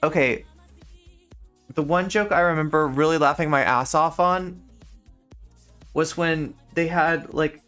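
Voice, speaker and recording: A woman streams a game and chats casually, rambling with lots of filler words. Her voice is smooth and clear. Faint game music plays underneath. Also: low voice, measured pace, pauses often, fairly bright tone. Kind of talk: casual live-stream chat while gaming.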